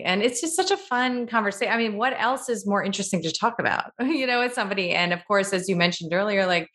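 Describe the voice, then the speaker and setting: A woman's voice: fairly low pitch, fairly bright tone. A woman hosting a podcast, talking in a reflective, casual way with light laughs. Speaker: podcast host.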